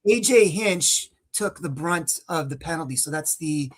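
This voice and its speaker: A man's voice: fairly high pitch, animated, a little slow. Guy in his 40s swapping baseball stories on a podcast, loose and rambly. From California. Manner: storytelling, with restarts and a laugh now and then. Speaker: podcast co-host. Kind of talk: casual sports talk.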